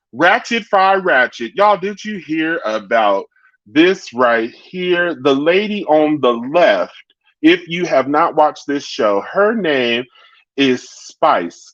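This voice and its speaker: A man hosting a casual chat show, talking in an animated way and answering viewers' comments directly. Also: fairly high pitch, no echo, lo-fi sound. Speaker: talk show host.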